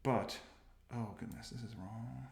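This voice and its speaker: Demoing his coding workflow, this man speaks in a gravelly mid-range voice at a slightly slow pace. He muses out loud, often halting to correct himself, in easygoing screencast style. The room sounds echoey and noisy, with typing and mouse clicks in the background.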